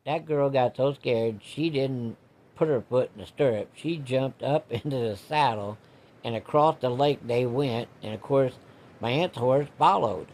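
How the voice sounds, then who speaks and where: A man's voice: mid-range voice, unhurried, a little mellow. A man telling a rambling personal story in a folksy, casual way.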